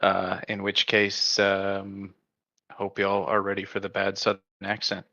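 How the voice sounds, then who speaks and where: A man playing in a tabletop game with a flat, dry delivery. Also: low voice, a little slow, dry recording, highs cut off. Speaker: player. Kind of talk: casual tabletop game chat.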